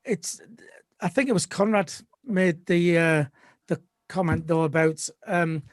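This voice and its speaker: A high-pitched man hosts a casual live fan panel. He hesitates and restarts often. His voice sounds close and dry. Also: unhurried, no room sound. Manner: hesitant, many fillers and restarts. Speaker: host of a live fan show.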